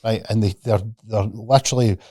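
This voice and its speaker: A man's voice: on the low side, steady tone, a little fast, mellow, no room sound, studio quality. A man, a podcast guest and mindset coach, talking casually and animatedly, swearing freely and acting out the voices of the people he quotes.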